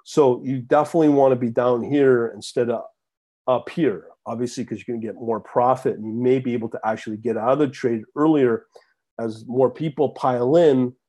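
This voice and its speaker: A man hosting a live trading webinar, explaining chart patterns in a halting way with many fillers and stumbled words. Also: medium pitch, fairly even intonation, mellow. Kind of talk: live-stream screen-share lesson.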